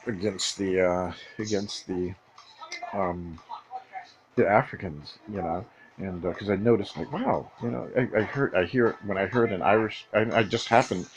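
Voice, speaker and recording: A man talking alone in a rambling casual monologue, halting often with fillers and restarts. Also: low-pitched, steady tone, low-quality recording.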